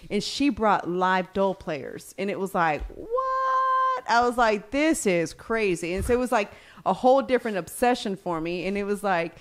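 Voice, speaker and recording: A woman's voice: medium pitch, moderate pace, hardly any pauses. Texan woman, co-host, bubbly storyteller. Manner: animated, laughing storyteller. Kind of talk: casual storytelling.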